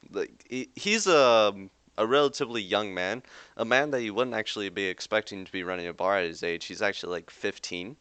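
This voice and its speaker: A man's voice: lowish voice, animated, brisk, fairly bright tone, clear, resonant tone, dry recording. A young man running a tabletop game as game master, narrating loosely with lots of "like". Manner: rambling with frequent "like" fillers.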